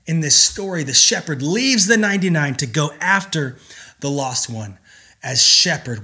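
A man preaching a sermon in an earnest, emphatic way, with dramatic pauses. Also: a little high, pushed and bright. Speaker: pastor.

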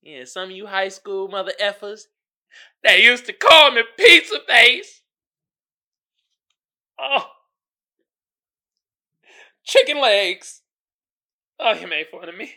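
A man hosting his own solo podcast in casual, slangy chat, animated and laughing, with sudden loud outbursts, talking straight to his listeners. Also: high voice, slow pace, pauses often. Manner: slangy, addresses listeners directly. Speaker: podcast host.

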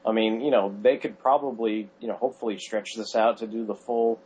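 A man's voice: fairly low pitch, steady tone, brisk, darkish tone, breathy edge, poor audio. A man co-hosting a podcast, chiming in agreeably in casual chat. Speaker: podcast co-host.

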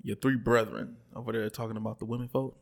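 Guy going off on a podcast, casual chat that builds to a loud rant. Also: medium pitch, quick pace, creaky. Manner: animated, rises to loud ranting when worked up. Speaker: podcast co-host.

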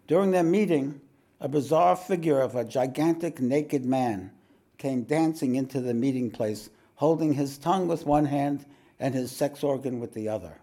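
Mellow, gravelly spiritual teacher. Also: male voice, mid-range voice, moderate pace. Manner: rambling, frequent throat-clearing and fillers. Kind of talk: storytelling talk to a meditation audience.

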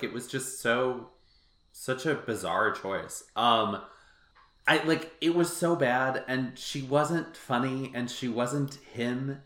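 A male podcast host chatting casually, leaning on "like" and "um". His tone is bright and forceful, and the recording has a noticeable roomy echo. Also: mid-range voice. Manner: chatty, lots of "like" and "um" fillers. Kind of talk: casual chat.

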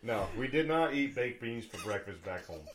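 A man's voice: medium pitch, lively intonation, normal speed, noisy background. A middle-aged man from New England with a Boston-area accent, hosting a podcast in casual, rambling chat full of fillers and restarts. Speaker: podcast host.

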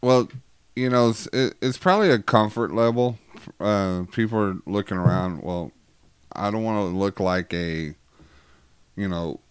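A man's voice: fairly low pitch, fairly even intonation, a little slow, clear, resonant tone, no echo, studio quality. A man hosting a casual faith chat who talks in a rambling, joking way with many fillers. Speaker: host.

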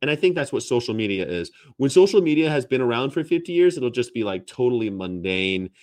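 A man's voice: medium pitch, brisk. A man hosting a casual chat show, rambling and swearing freely. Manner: rambling, profane, animated. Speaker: podcast host.

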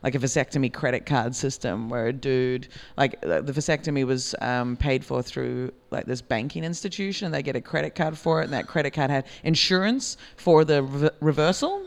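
A woman with a soft Australian accent, hosting a casual comedy podcast chat, laughing often and swearing freely. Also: extremely low pitch, a little fast, few pauses, in a large hall. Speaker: podcast host.

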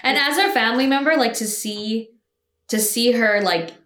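A woman's voice: on the high side, moderate pace, fairly bright tone, echoey room. A woman hosting a casual podcast chat, supportive and talking directly to listeners.

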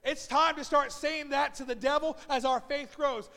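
High-voiced fervent male preacher. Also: fairly even intonation, moderate pace, few pauses, big-room sound. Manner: fervent, repetitive exhortation building to shouts. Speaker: pastor. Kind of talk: sermon. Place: church sanctuary.

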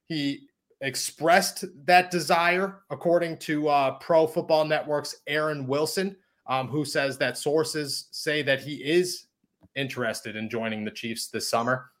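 A man hosting a sports podcast, reading an ad and chatting with quick enthusiasm. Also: on the high side, steady tone, fairly bright tone. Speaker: podcast host. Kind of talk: sports podcast chat and read ad.

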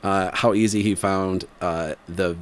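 A man in his 40s tells a meandering story casually, his somewhat low voice steady and measured, with slight background noise. He laughs and uses plenty of fillers, and his voice rises sharply when he imitates people.

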